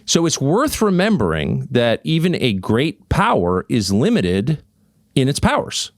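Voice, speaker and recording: A man's voice: mid-range voice, wildly swooping pitch, measured pace, no room sound, clean studio sound. A man hosting an opinion monologue, sardonic and mocking. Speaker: host.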